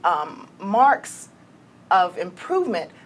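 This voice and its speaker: A woman, a former student, giving an earnest, somewhat halting testimonial. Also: lowish voice, sing-song, slightly rough.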